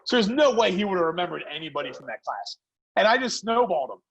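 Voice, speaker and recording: A man who founded a food company, a podcast guest telling animated stories in casual chat. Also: sits high, quick pace, creaky, muffled recording, slight background noise. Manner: animated, lively storyteller. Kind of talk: casual storytelling.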